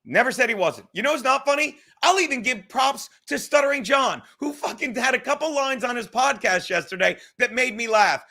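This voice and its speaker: Bright-voiced man ranting heatedly. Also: very high-pitched, lively intonation, vocal fry. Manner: profane, fast, heated ranting with laughs. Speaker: podcast host. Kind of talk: ranting monologue on a livestream.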